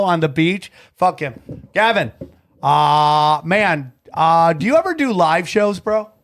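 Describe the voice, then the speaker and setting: A man hosting a podcast in casual chat, ranting with a lot of swearing. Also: high-pitched. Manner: profane, animated rants. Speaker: podcast host.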